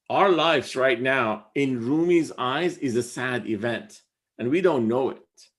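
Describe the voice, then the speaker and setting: Male teacher, slow delivery, gravelly voice, reads verse then explains it casually. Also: mid-range voice, a bit bright. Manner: reads verse lines, then paraphrases them conversationally. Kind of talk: casual class explaining poetry.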